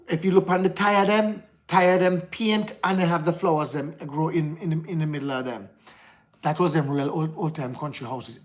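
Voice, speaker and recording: A man with a Jamaican accent chatting casually to viewers on his livestream, rambling and slipping into patois. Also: fairly high pitch. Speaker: livestream host. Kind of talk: casual live chat to viewers.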